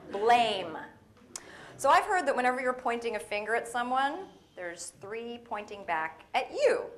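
A woman preaching a guest sermon in a playful, conversational way, often turning to the audience with quick asides. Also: medium pitch, fairly bright tone. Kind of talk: humorous sermon. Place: spiritual center hall.

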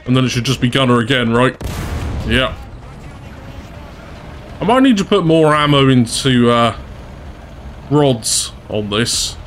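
A man at an ordinary middle pitch, commentating his own gameplay in a loose, conversational way. He talks straight to his viewers and pokes fun at his own slip-ups. A light hiss sits under the voice. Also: animated, measured pace, pauses often. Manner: chatty, self-deprecating, talks to viewers. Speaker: gaming channel host.

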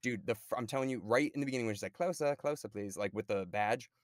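Lowish man, dry close sound, animated. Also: racing, dry recording. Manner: animated, acts out quoted lines. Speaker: podcast guest. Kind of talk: casual film discussion.

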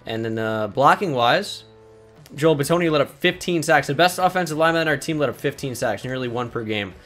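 A man's voice: mid-range voice, lively intonation, fairly quick, a bit bright, soft background music. A young man giving casual commentary over a sports video game, blunt and exasperated, swearing freely. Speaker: gaming YouTuber.

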